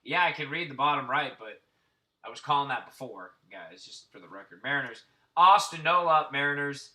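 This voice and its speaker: A man's voice: mid-range voice, animated, fairly quick, bright, forceful tone. A man around forty hosting a card break, casually naming baseball cards and telling rambling, profane stories. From Central Florida. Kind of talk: casual card-opening chat.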